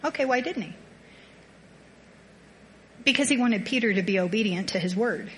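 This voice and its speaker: A woman talks through a faith reflection in a casual, rambling way, often poking fun at herself. Her voice sits at a middle pitch, and she gets animated as she tells a story. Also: moderate pace, a little hiss or hum. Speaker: small group participant sharing a reflection.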